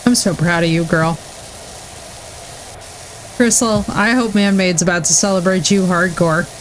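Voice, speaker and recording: Gushing, excitable woman streamer. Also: fairly low pitch, a little slow, slight background noise, poor audio. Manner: gushing, effusive and excitable, talking to chat. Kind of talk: casual live-stream chat.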